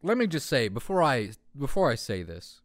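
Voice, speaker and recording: Rambling, profane young podcast host. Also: male voice, mid-range voice, sing-song, normal speed, no echo. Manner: rambling, profane, laughs at own jokes. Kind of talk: casual solo podcast rant.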